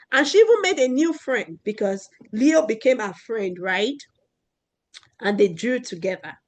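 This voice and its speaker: A woman teaching a children's class, who keeps asking questions and checking in with the kids. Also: mid-range voice. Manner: asks questions often, keeps checking with "right?".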